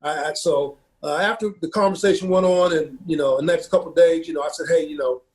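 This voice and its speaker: Speaking in a fairly high voice with a darkish tone, the coach from Ohio recounts something from his own life. He's sincere, stumbling along with lots of fillers and repetitions.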